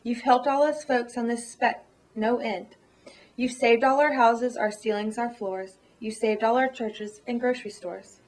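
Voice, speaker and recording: A man's voice: very high voice, steady tone, a little slow, recorded from a distance. A woman reading the part of a tiny, grateful male town mayor, who sounds friendly and eager.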